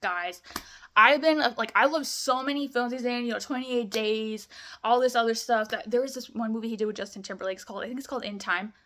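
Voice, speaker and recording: A woman's voice: a little high, fast talker, fairly bright tone, a little hiss or hum. A young woman vlogging a film review, gushing in casual chat, full of "like" and "amazing".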